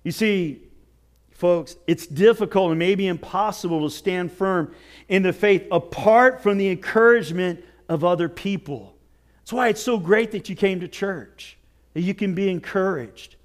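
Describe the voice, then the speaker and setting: A male pastor preaching a sermon with earnest exhortation, dropping to near whispers and rising to shouts. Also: sits high, a little slow. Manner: swings from hushed to shouting.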